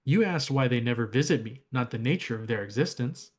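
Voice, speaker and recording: A man's voice: mid-range voice, animated, brisk, natural voice. A man voicing a sarcastic female ship AI in a dry, teasing way while reading game lore aloud. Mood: sly.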